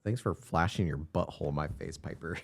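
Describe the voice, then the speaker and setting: A man doing a gruff weathered RV driver. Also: a little fast, heavily acted. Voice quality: thick accent, lower and quieter than his own voice. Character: weathered gruff middle-aged male RV driver with a thick accent.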